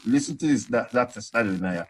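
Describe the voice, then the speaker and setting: A Jamaican man on a discussion panel, his voice husky and a bit breathy at an ordinary middle pitch. He recounts industry stories with lively quoted back-and-forth and a relaxed island lilt. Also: fairly quick. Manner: animated storytelling with quoted dialogue. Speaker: panelist, music industry veteran.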